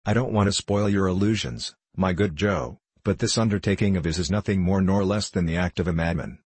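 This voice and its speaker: A stubborn, skeptical gentleman hunter, as a narrator plays him, gruff and blunt as he brushes off every argument. The voice is low and husky, set close and dry for a storybook reading. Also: a little fast, no echo.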